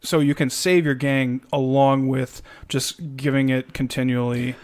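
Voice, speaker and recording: A man's voice: medium pitch, level tone, a little slow, darkish tone. Man explaining card rules, casual podcast. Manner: explains card rules step by step, with many fillers. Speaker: podcast co-host. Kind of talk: casual chat about a card game deck.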